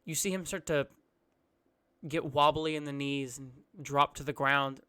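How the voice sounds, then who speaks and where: A man running a tabletop game, narrating each scene for his players. His voice is bright and crisp and sits a little high. He backtracks and restarts mid-sentence now and then. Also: steady tone, measured pace. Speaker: game master.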